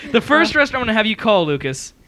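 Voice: mid-range voice, big pitch swings, racing, sharp tone. A podcast host who laughs often, steering a casual group chat and setting up prank calls. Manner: laughs often, running the show.

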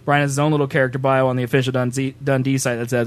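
A man's voice: medium pitch, level tone, racing, hardly any pauses, no room sound. A man hosting a casual reaction stream, chatty and joking. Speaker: streamer host.

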